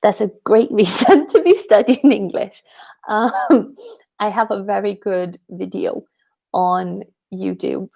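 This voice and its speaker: A woman's voice: medium pitch, vocal fry, dark tone. A young Welsh woman, an English teacher, chatting casually with her viewers in a live question-and-answer session, with frequent ums and light laughter. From Wales. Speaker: English teacher and channel host.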